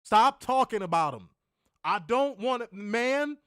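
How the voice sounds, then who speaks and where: This is a man with a strikingly high voice, co-hosting a casual podcast. He rants in a profane, exasperated way. The sound is dry and close, with no room echo. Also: lively intonation, unhurried, fairly bright tone, smooth. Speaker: co-host of wrestling review show.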